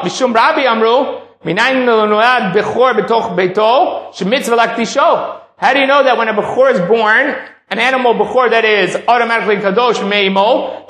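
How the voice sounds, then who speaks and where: A man's voice: very high-pitched, a bit bright. A man teaching a text-study class, reading a passage aloud and then explaining it step by step. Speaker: Talmud teacher. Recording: echoey room.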